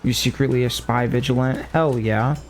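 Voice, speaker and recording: A man's voice: medium pitch, steady tone, moderate pace, soft background music. A man chatting casually while streaming a video game. He rambles, mocks himself and swears offhand. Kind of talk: casual gaming stream chat.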